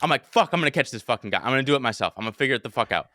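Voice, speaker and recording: A young man hosting a podcast, telling a wild story in casual chat, swearing a lot and acting out his own panicked shouts. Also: mid-range voice, lively intonation, racing, no echo, studio quality. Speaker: podcast host.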